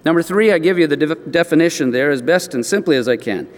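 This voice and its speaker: A man preaching a sermon as a pastor, telling stories with animated, expressive rises in his voice. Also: fairly high pitch, fast, in a large hall.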